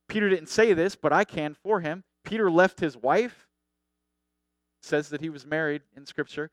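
Animated, smooth-voiced male preacher. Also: on the high side, moderate pace, no room sound. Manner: animated, conversational, acts out quotes. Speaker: pastor. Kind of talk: sermon.

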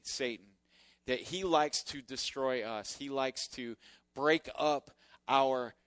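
A man preaching a sermon as pastor, swinging between loud emphatic points and quiet asides. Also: medium pitch, dry recording.

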